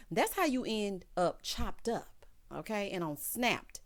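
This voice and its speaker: A woman giving a casual recap of a TV episode with sassy, animated asides. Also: on the high side, measured pace. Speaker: TV show recap reviewer.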